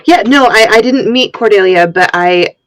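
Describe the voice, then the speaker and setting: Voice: medium pitch, moderate pace, a bit bright, no room sound, lightly acted, rough recording. Player doing an unsure, blunt young slayer in a tabletop game. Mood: hesitant. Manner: hesitant, lots of ums. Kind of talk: in-character role-play.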